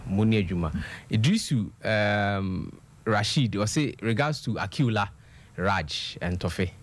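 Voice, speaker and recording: A man's voice: fairly low pitch, unhurried. A man, co-hosting a radio show and reading listener comments aloud in casual banter. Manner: reads comments aloud in a mix of Twi and English.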